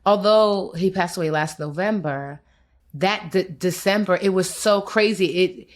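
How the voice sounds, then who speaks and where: A woman's voice: fairly low pitch, measured pace. A woman co-hosting a podcast in casual chat with an American accent, talking candidly and a bit wearily about the year. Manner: candid, tired, reflective. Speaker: podcast co-host.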